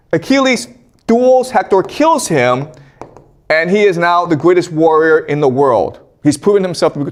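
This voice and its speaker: Lively male history lecturer. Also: fairly high pitch. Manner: animated, checks in with the listener with frequent "okay?". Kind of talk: casual storytelling lecture.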